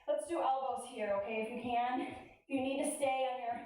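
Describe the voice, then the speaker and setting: Upbeat high-voiced woman fitness instructor. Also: fairly even intonation, normal speed, darkish tone. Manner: upbeat, encouraging, chatty cues with laughs. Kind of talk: workout class coaching. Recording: echoey room, voice from a distance.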